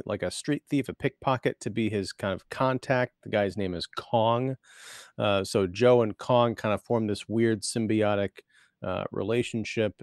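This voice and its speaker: A man's voice: fairly low pitch, darkish tone, no room sound, studio quality. A man co-hosting a casual movie podcast who gives a rambling plot recap full of fillers. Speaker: podcast co-host.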